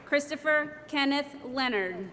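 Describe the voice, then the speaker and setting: A woman reading out graduates' names one by one at a commencement, slow and measured, over a podium microphone. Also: sits high, expressive, noisy background. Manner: slow, measured name-by-name announcing. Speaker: commencement name reader. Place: large ceremony hall. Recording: echoey hall with loud crowd ambience.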